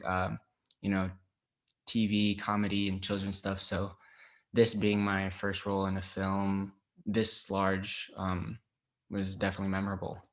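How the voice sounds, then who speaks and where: A young man from Los Angeles, an actor guest in a casual interview, relaxed and hesitant with many fillers. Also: sits low, measured pace.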